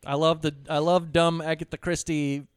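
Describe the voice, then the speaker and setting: A man's voice: a little high, flat delivery, normal speed, clean tone, no echo. A man co-hosting a casual movie-review podcast, wry with dry humor, giving film ratings. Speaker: podcast co-host.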